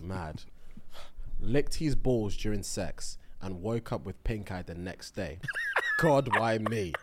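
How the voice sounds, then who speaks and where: Young man, podcast co-host, lively swinging pitch, reads out lines with playful banter. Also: slow, noisy background. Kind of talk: casual banter reading listener submissions.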